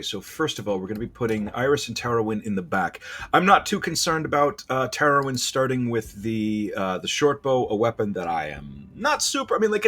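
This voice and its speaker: A man's voice: mid-range voice, a bit bright. A man giving casual, rambling gameplay commentary, self-deprecating and restarting his sentences often.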